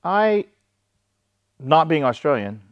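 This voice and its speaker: A man's voice: on the high side, sing-song, slow pace, dry recording, dull audio. A man hosting a casual film discussion, talking in a wry, joking way with frequent restarts. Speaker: host.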